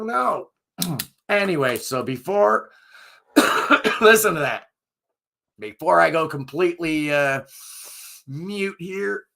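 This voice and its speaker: Middle-aged male music channel host, hoarse and fading, gravelly edge, bright tone, rambling and enthusiastic. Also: medium pitch. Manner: rambling, enthusiastic, self-deprecating. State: hoarse, losing his voice. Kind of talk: casual live chat with viewers.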